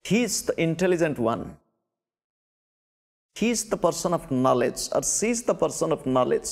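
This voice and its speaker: Middle-aged Indian-accented man giving a sermon; slightly high voice, repeats himself, asks questions. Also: big pitch swings, normal speed, creaky. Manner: repeats words for emphasis, asks the listeners questions. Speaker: spiritual teacher.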